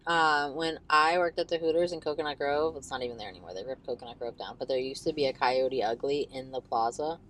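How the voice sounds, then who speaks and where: Low-voiced woman, rambling podcast co-host. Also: fast, hardly any pauses, fairly bright tone, a little hiss or hum. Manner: rambling, filler-heavy storytelling, swears freely. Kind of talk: casual chat.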